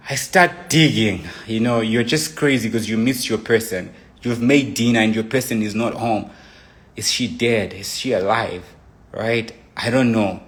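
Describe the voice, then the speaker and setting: Young guy on a phone live stream, rambling through what happened, keeps restarting, acts out his own texts. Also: mid-range voice. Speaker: livestreamer. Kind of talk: emotional personal account on a live stream.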